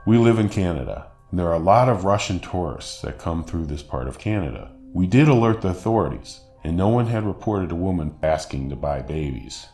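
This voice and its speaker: A man narrating a true scary story from a script in a steady, wry storytelling manner. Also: low-pitched. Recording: echoey room with faint hiss.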